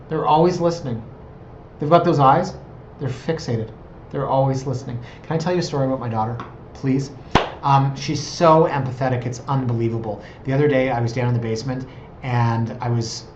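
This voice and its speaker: A man's voice: medium pitch, darkish tone, reverberant, dull audio, a little hiss or hum. A man in his thirties, a real estate agent, talking casually and digressively in a vlog from his office. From Canada. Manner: chatty, digressive, self-deprecating.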